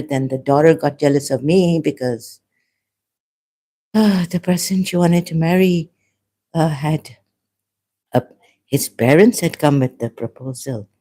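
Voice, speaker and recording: Tired woman on a livestream at home, slow and mellow, keeps saying sorry and restarting. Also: deep voice, rough recording. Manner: hesitant, halting, full of restarts and apologies. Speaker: livestream host. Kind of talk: rambling livestream monologue. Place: at home, making tea.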